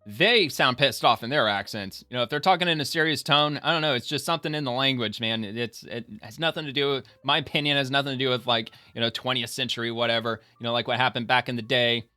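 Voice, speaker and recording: Rambling, bright-voiced male commentator. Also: medium pitch, quick pace, few pauses, dry recording. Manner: rambling, many fillers and restarts. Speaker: online commentator. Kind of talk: casual reaction commentary.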